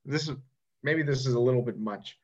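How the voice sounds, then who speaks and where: A man co-hosting a podcast in deadpan comedic chat, rambling earnestly as he plays along with the joke. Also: mid-range voice, brisk, lo-fi sound. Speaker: podcast co-host.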